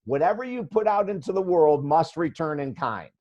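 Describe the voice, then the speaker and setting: A man's voice: fairly high pitch, animated, moderate pace, dull audio. A man in his sixties, a guest life coach telling a story in a podcast interview, blunt and emphatic.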